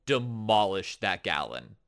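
A man co-hosting a casual podcast, talking in an excitable, animated, teasing way. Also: fairly low pitch, measured pace, clean tone. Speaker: podcast co-host. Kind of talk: casual chat.

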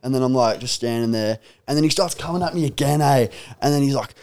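A man's voice: mid-range voice, fast talker, darkish tone, clean tone. A young Australian man telling a story in casual podcast chat, swearing and laughing often. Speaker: podcast regular.

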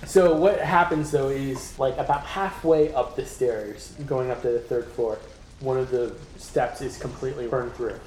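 A man's voice: mid-range voice, unhurried, a little mellow, echoey room, slight background noise, rough recording. A man running a tabletop game as game master, describing scenes in a loose way with fillers.

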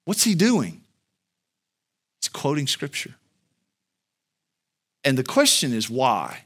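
Man, pastor, sermon, mid pitch, conversational, rises to loud emphasis. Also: sing-song, slow pace, pauses often. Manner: earnest, builds to loud, high-pitched emphasis; conversational, addresses the congregation directly.

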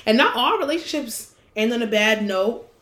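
A woman's voice: on the high side, animated, normal speed, fairly bright tone, reverberant. A woman co-hosting a casual chat podcast, talking frankly and bluntly and swearing casually. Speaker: podcast co-host. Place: room with window open.

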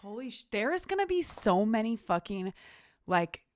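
A woman's voice: a little high, sing-song, normal speed, no room sound, clean studio sound. A young woman co-hosting a podcast in casual chat, reacting with stunned exclamations and swearing. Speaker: podcast co-host.

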